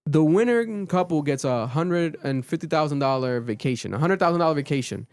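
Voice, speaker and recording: A man hosting a casual podcast, recapping a reality show in an animated, profane storytelling way. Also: fairly high pitch, fairly quick, dry recording. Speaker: podcast host.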